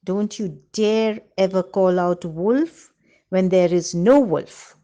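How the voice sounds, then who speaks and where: A woman's voice: mid-range voice, slow, mellow, highs cut off, close to an everyday voice. Woman playing grumpy villagers telling off a kid, stern storybook voice. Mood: scolding. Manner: stern, scolding. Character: annoyed adult villagers scolding a boy.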